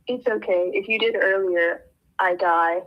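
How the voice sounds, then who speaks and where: A woman's voice: mid-range voice, steady tone, a little slow, dull audio, natural voice. A woman voicing a small, earnest male alien engineer who speaks clipped, broken English and tags questions with the word "question".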